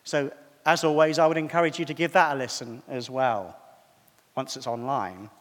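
A man's voice: mid-range voice, fairly even intonation, normal speed, big-room sound. A man preaching a sermon in a conversational, self-deprecating way.

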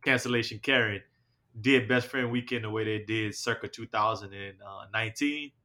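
A man's voice: on the low side, steady tone, normal speed, bright, forceful tone. A man hosting a casual podcast chat, rambling with many fillers and restarts. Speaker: podcast host.

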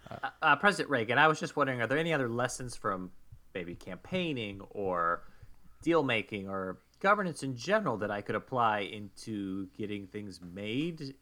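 A man in a comedic improv chat, telling a story in a deadpan way and acting out the quotes. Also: medium pitch, moderate pace.

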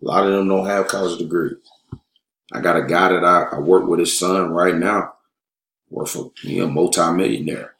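Deep voiced guy, streetwise and emphatic, chatting in an echoey room. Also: fairly even intonation, moderate pace, a bit bright. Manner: emphatic, streetwise, speaks in run-on bursts. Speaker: elementary school teacher and interview guest. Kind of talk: casual chat. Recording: roomy echo.

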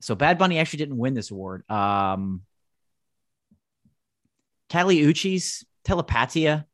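A podcast co-host chatting casually, lively and quick to laugh. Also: medium pitch, dry recording, clean studio sound. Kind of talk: casual chat.

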